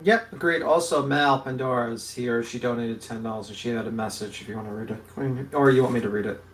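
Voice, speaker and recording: Male co-host, halting reader, distant off-mic sound. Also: mid-range voice. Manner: reads a donation message aloud, halting. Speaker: stream co-host reading donations. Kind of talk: casual livestream chat. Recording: voice picked up away from the mic.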